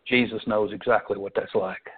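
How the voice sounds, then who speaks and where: A man preaching a sermon, telling folksy stories and swinging between loud and soft. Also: on the low side, fairly even intonation, moderate pace, slightly rough. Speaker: pastor. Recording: tinny phone-like sound.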